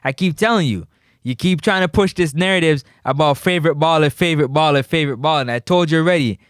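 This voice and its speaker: A Jamaican man hosts a casual football talk show, teasing and lively and sliding into patois. His voice sits a little high for a man. The sound is dry and close. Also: quick pace, dry recording. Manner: animated, teasing, slips into patois. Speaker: sports talk host.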